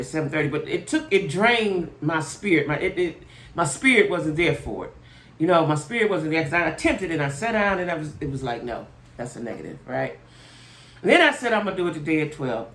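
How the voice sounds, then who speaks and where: A woman host casually telling her viewers a long, exasperated story in a chatty, animated way. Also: deep voice. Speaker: channel host. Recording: echoey room.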